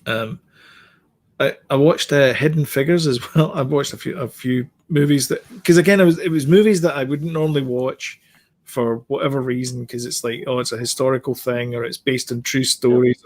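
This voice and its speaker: Guy on a podcast ranting about films, lots of ums, blunt, mid pitched. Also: moderate pace. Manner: opinionated, blunt, hesitant with many fillers. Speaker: podcast co-host. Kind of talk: casual chat.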